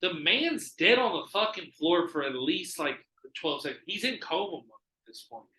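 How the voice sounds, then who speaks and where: A man hosting a podcast, telling stories in casual chat, animated and full of swearing. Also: fairly high pitch, normal speed, roomy sound, slight background noise, poor audio. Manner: animated, profane storytelling. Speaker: podcast host.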